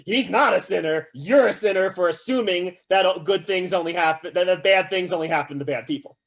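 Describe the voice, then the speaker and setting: A man giving a casual, animated philosophy lecture to a class, often checking in with "right?" and acting out quotes with humor. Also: sits high, a little fast, vocal fry. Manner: acts out quoted voices with humor.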